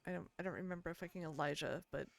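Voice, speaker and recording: A woman's voice: fairly low pitch, fast, gravelly. A woman chatting in character during a roleplay game, telling a long story that rambles and is full of swearing. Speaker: roleplayer voicing her character.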